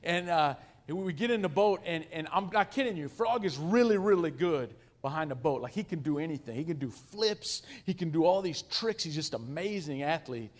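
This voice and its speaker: Guest speaker, male, 40s, high voice; animated self-deprecating storyteller working a church audience. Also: moderate pace, hardly any pauses. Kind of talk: humorous storytelling to a congregation.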